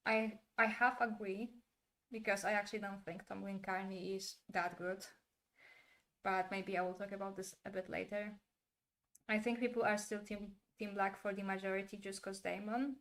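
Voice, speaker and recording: A woman's voice: medium pitch, level tone, normal speed, a bit bright. A woman streaming a casual commentary, opinionated and blunt, with the odd swear word.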